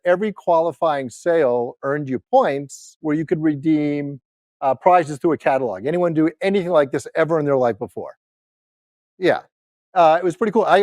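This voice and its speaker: Keynote sales speaker, man, fifties, fairly high voice, punchy crowd-rallying delivery, dry sound. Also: a little mellow, dry recording. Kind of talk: motivational keynote to a live audience.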